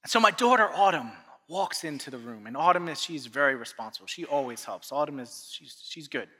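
A man in his thirties delivers a sermon, his high voice swinging up and down as he tells a story. His tone is very bright and sharp. Long reverb from a large church hall trails each phrase. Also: brisk. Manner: animated storytelling, acting out family dialogue. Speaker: pastor.

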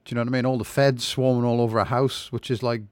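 Casting: man, podcast co-host, rambling sarcastic delivery, middle pitch, dry close sound. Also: little pitch movement, fast talker, darkish tone, no echo. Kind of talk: casual comedic chat.

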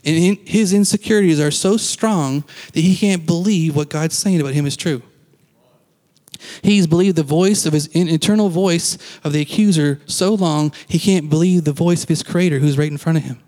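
A man's voice: a little high, normal speed, dark tone, long reverb tail. A man giving a casual, conversational sermon as a pastor, acting out quoted lines and laughing now and then.

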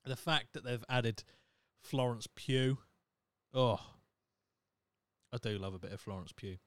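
A man's voice: mid-range voice, a little slow, dry recording. A young man hosting a solo podcast, talking in a blunt, sweary, opinionated way. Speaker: podcast host. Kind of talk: casual solo podcast rant.

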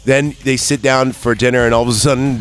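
A man co-hosting a casual movie podcast, rambling and swearing as he acts out scenes in quick voices. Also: mid-range voice. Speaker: podcast co-host.

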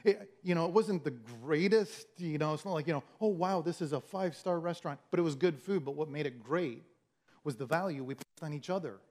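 A man's voice: on the high side, fairly quick, darkish tone. A man preaching a sermon in a conversational, storytelling way, often restarting his words and acting out the lines of others. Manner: conversational, storytelling with acted-out quotes. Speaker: pastor.

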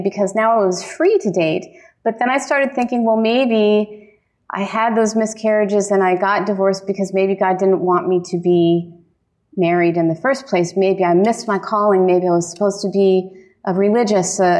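A woman keynote speaker telling her personal faith story as lively storytelling, laughing often and giving earnest encouragement from a conference stage. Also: mid-range voice. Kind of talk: personal testimony talk.

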